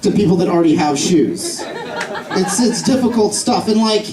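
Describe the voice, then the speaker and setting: A man with a high voice rambles through a self-deprecating stand-up set full of fillers. He sounds distant from the microphone. The club room echoes and a loud crowd fills the background. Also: animated, moderate pace. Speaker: stand-up comedian. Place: comedy club stage. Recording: roomy club audio from far off, loud crowd. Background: audience laughter.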